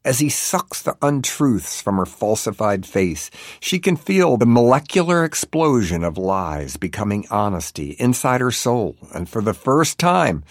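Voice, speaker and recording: A man narrating an audiobook chapter with a wry, deadpan delivery. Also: lowish voice, no room sound, studio quality.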